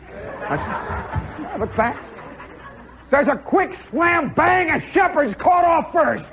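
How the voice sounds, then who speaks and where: A man's voice: very high-pitched, sing-song, takes it slowly, gravelly, pauses often, a bit bright, a faint crowd, slight background noise. A middle-aged man hosting a live radio show, telling a story animatedly to an audience and mimicking play-by-play. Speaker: radio host. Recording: dull 1960s radio broadcast recording.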